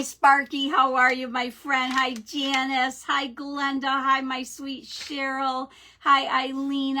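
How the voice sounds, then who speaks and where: A woman's voice: sits high, pushed and bright, a little hiss or hum. A middle-aged woman hosting a live craft stream, chatting casually and greeting viewers by name.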